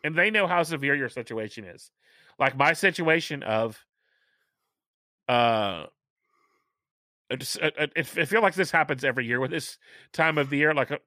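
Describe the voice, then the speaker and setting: A middle-aged man hosting a casual chat, talking chattily and stressing key points by slowing down. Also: mid-range voice, animated, bright, forceful tone, no room sound, clean studio sound. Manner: chatty, emphatic, repeats points slowly for stress.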